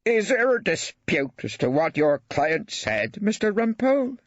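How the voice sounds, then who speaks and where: A man's voice: high voice, very animated, unhurried, no echo, voice pushed up, full character voice. A man playing a pompous irritable judge. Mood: irritated. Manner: weighty, clipped, condescending. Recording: dry, slightly dull studio.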